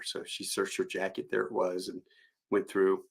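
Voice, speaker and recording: Low gravelly man telling tall tales. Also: little pitch movement, fairly quick. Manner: rambling anecdotal delivery with chuckles. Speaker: live stream host. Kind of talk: storytelling.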